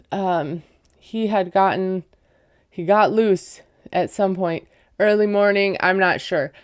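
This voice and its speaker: A woman's voice: medium pitch, clean tone. A woman casually recapping a reality show episode, rambling and peppering her talk with "like" and "you know.". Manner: rambling, filler-heavy, frequent "like". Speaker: recap vlogger; parent.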